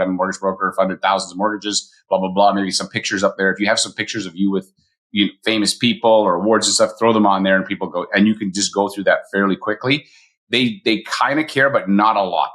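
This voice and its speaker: A middle-aged man speaks quickly in a somewhat low voice, hosting a solo podcast with casual coaching talk. He slips into short quoted voices as he explains his points. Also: sharp tone. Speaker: mortgage broker and podcast host.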